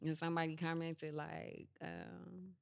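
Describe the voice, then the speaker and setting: A woman's voice: deep voice, level tone, a little slow, creaky, dry recording. A woman guest on a talk show, telling candid stories about her online life with playful slang. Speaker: guest, poet and content creator. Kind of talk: casual chat.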